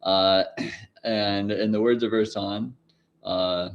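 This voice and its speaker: Man, forties, livestream host, rambling chat, lowish voice, frequent laughs, casual swearing. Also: steady tone, takes it slowly, highs cut off, a little hiss or hum. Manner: rambling, laughs often, sudden loud outbursts.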